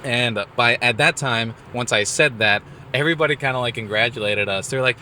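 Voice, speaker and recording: Young man, podcast co-host, bright tone, casual animated storytelling, acts out quotes, faint hum behind. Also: mid-range voice, fairly quick. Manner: animated, acts out his own quoted lines.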